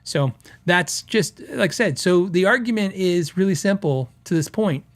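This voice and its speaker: A man's voice: sits high, expressive, normal speed. A man hosting a podcast, talking casually and rambling with restarts as he reads out viewer comments. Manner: conversational, rambling with restarts and acted quotes. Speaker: podcast host. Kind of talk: casual chat.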